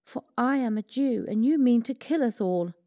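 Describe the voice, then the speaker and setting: A woman's voice: fairly high pitch, expressive, moderate pace, dark tone, voice pushed up, natural voice. A woman voicing a brave, earnest young queen in a storybook reading, speaking in a pleading tone.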